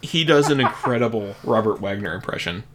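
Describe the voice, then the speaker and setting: A man co-hosting a laid-back film podcast. His pitch moves a lot as he talks, with plenty of easy agreement and wry asides. The delivery is unhurried and chatty. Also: animated, noisy background. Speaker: podcast co-host. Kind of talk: casual movie discussion.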